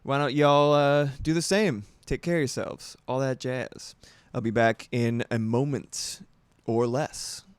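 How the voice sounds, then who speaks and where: A man in his thirties chats casually on a livestream, rambling and self-deprecating. His voice sits at a middle pitch and is recorded dry and close on a desk mic at home. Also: measured pace, smooth, no echo. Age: 30s.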